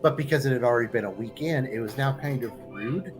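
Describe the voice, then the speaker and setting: Male player, mid-pitched, understated storyteller, music clear underneath. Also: fast talker. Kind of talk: casual anecdote at a game table.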